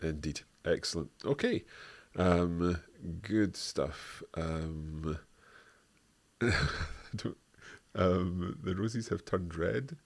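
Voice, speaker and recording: A man's voice: low-pitched, drawn-out words, vocal fry, pauses often. A man co-hosting a live online language lesson, chatty and prone to correcting himself with a laugh.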